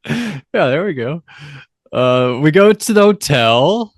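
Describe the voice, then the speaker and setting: A man's voice: big pitch swings, takes it slowly, no room sound, studio quality. A man co-hosting a podcast, chatting casually as he recaps a TV episode, often correcting himself mid-sentence. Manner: rambling, self-correcting, quotes lines in a lowered voice. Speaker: podcast co-host.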